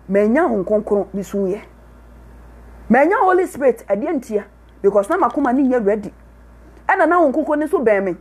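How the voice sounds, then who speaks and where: A woman with a Ghanaian accent delivers a sermon in a high, bright register. She hammers points home through repetition and slides easily between Twi and English phrases. Her delivery is that of a prophetess addressing her congregation. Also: slightly rough. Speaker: prophetess and preacher.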